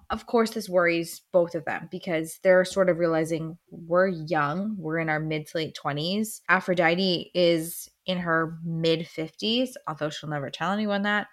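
A woman's voice: lowish voice, unhurried, hardly any pauses. A woman co-hosting a book podcast, retelling the plot in casual chat and acting out the characters' lines.

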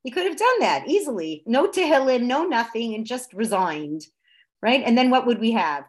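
A woman teaching a conversational religious class. Her voice swings between loud emphasis and soft, low tones, and she keeps checking in with her listeners. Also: very animated, moderate pace.

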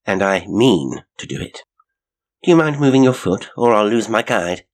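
A man's voice: on the low side, big pitch swings, fairly quick, slightly rough, pitched above the performer's own voice, heavily acted. A man reading a mystery story aloud and voicing a determined young woman traveller. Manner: indignant and determined.

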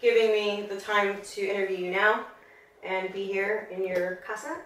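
An upbeat, chatty woman interviewing a boxer, with a bright, forceful voice. She sounds well away from the mic in a very echoey room, with faint room noise behind her. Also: medium pitch, fairly even intonation, normal speed, far from the mic. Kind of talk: casual interview.

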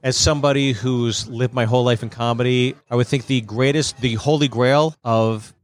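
A man's voice: mid-range voice, fairly even intonation, normal speed. A man, a comedian guest, talking casually in a comedy club, conversational and profane, often restarting sentences. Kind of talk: casual chat.

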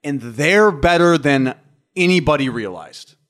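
A man's voice: fairly high pitch, lively intonation, a little slow, a bit bright. A man co-hosting a podcast, chatting casually about sports and explaining his points. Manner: conversational, explains points, laughs along. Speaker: podcast co-host.

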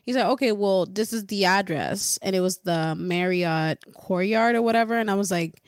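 A woman's voice: medium pitch, normal speed, smooth, no echo, studio quality. A young woman co-hosting a podcast, telling dating stories with lots of laughter and casual swearing. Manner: animated storytelling, laughs often, swears freely. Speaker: podcast co-host.

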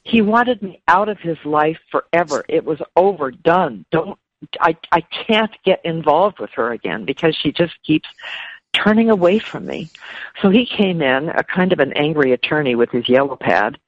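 A woman speaking as an interview guest, emotional and halting, often repeating words. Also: low-pitched, lively intonation, no room sound. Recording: dull lo-fi dry sound.

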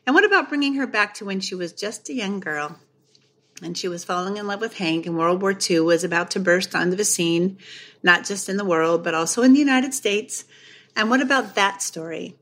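A middle-aged woman, a guest author on a podcast, telling a story with lively energy and acting out the voices of others. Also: medium pitch, fairly quick. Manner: animated storyteller, acts out quoted voices.

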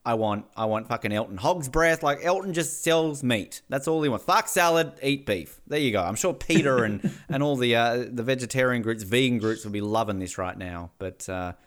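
A man co-hosting a casual recap podcast, excitable, laughing often and swearing freely. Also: medium pitch, brisk, hardly any pauses. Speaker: podcast co-host.

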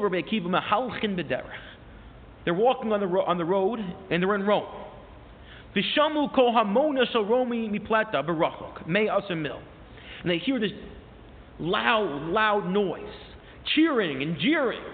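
A man teaching a class, retelling a story with animated rising emphasis and quoting old sources as he goes. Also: high-pitched, moderate pace. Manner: mixes in quoted source phrases and restarts. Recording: tinny phone-like sound with long hall reverb.

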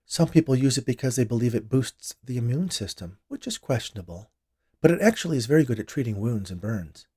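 A man doing a calm eerie woman nurse. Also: medium pitch, fairly quick, breathy edge, pitched above the performer's own voice. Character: calm, eerie female nurse, matter-of-fact.

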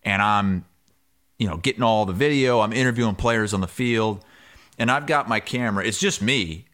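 A man co-hosting a sports podcast, telling a story in casual chat and shouting the quoted lines loudly. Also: on the low side, normal speed. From Iowa. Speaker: podcast co-host.

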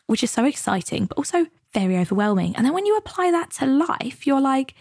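A woman's voice: high-pitched, very animated, fast talker, vocal fry, few pauses, darkish tone, no room sound, studio quality. A woman from the UK hosting a podcast, talking in a chatty, earnest and motivational way about goals and coaching. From United Kingdom. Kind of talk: reflective solo podcast talk.

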